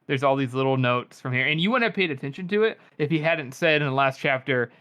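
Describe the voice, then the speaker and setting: A man co-hosting a book podcast, talking through a chapter in a relaxed, musing way. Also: medium pitch, quick pace, smooth. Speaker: podcast co-host. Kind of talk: casual book discussion.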